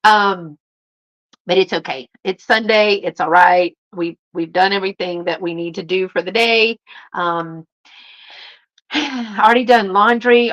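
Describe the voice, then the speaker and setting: Southern woman host, chatty live-chat vlogger, easy middle pitch, greets viewers by name. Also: fairly bright tone, highs cut off. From Southern United States. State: a little flushed from a walk. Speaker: YouTube live stream host.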